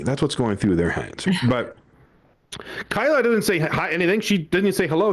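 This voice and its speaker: A young man performs a stand-up set into a handheld mic on a comedy club stage. He tells family stories, acting out quotes in passing and laughing often. His voice sits a little high for a man. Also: very animated, a little fast.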